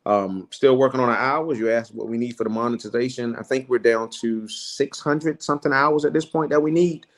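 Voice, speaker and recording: A man's voice: mid-range voice, brisk. A man, a guest on a livestream panel, chatting casually and gratefully, with a lingering cough. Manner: animated, exclaiming, grateful. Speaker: panel guest, channel owner. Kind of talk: casual chat.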